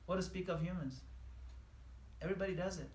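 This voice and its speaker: A man giving an earnest devotional class, voicing prayers in a soft pleading tone. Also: high-pitched, a little fast. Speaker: spiritual teacher. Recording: echoey room with faint noise.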